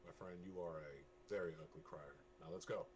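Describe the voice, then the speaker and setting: Blunt male player, lowish voice, noisy call audio. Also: steady tone, fairly quick, a little mellow. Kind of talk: in-character tabletop chat.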